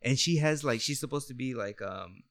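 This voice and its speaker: A man's voice: mid-range voice, normal speed, a bit bright, no echo, clean studio sound. A young man from the US, born to Mexican parents, chatting in a laid-back, hesitant way. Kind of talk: casual chat.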